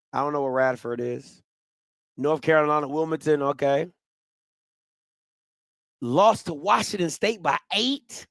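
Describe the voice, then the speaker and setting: A man's voice: fairly high pitch, a little slow, gravelly, long pauses, no room sound. A man hosting a casual sports talk show, reading out team schedules and reacting aloud with exclamations. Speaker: podcast host.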